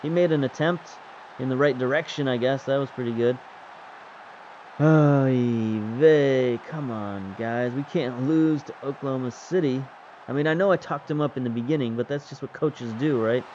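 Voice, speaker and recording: Male gaming host, relaxed play-by-play, dry humor; muffled home recording. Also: mid-range voice, brisk, slight background noise. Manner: wry, chatty, self-mocking. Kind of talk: casual play-by-play game commentary.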